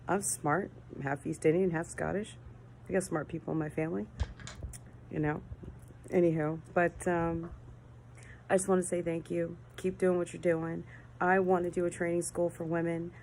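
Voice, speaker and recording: Female caller, deep gravelly voice, effusive and rambling. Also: fairly even intonation, normal speed, long pauses, a little mellow, a little hiss or hum, poor audio. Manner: gushing, rambling. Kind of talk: call-in to a talk show.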